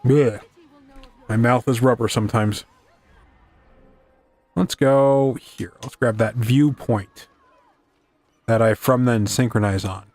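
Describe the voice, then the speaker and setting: A man's voice: mid-range voice, steady tone, takes it slowly, long pauses, darkish tone, no echo. A man casually commenting as he plays a video game, rambling and cracking self-deprecating quips. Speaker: gaming video host.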